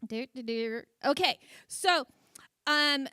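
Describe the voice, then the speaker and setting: A woman's voice: high voice, slow pace, bright, forceful tone, clear, resonant tone, dry recording. A woman in her forties who speaks with a stutter, giving a humorous talk to a luncheon audience. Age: 40s. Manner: speaks with a stutter, frequent sound repetitions. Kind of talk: public speech with humor. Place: event hall with audience.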